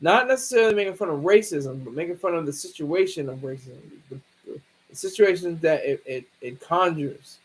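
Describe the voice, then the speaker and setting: High-voiced man rambling on a livestream. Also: expressive, slightly rough, poor audio. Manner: rambling, halting, many restarts. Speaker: livestream host. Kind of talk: casual livestream commentary.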